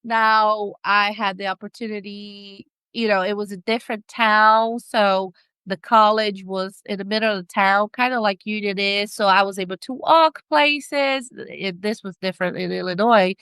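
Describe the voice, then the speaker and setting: A woman's voice: medium pitch, fairly even intonation, normal speed, sharp tone, smooth, no room sound. A middle-aged woman speaking English with a non-native accent, chatting as a podcast guest and laughing often as she searches for words. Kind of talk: casual interview chat.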